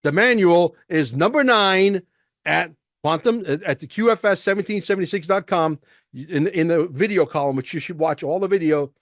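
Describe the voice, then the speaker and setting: A man's voice: high-pitched, moderate pace, dry recording, studio quality. A man hosting a podcast, ranting emphatically with rhetorical questions and profanity as he comments on a clip. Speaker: podcast host.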